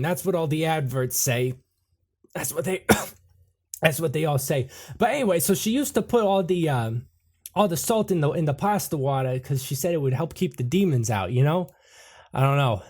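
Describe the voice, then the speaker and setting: A man's voice: fairly high pitch, animated, normal speed, darkish tone, pitched above the performer's own voice. A man voicing a portly, chain-smoking mob organizer who rambles and coughs between sentences. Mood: rambling.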